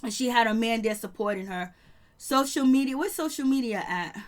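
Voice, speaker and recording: A woman casually recapping a TV show, animated and quick to laugh, acting out what others said. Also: on the high side. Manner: animated, laughs often, acts out quotes. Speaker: TV show reviewer.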